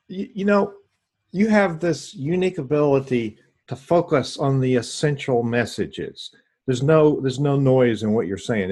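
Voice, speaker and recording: A man's voice: medium pitch, darkish tone. A man hosting an interview, affirming and summing up his guest's points in a reflective way. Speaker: interview host. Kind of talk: interview conversation.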